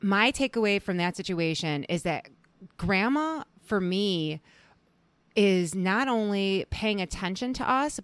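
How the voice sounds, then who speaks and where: A woman's voice: medium pitch, dry recording. A woman co-hosting a podcast with her sister, chatting casually and acting out what people said. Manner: chatty, lively quoting of others. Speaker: podcast co-host. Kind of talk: casual chat.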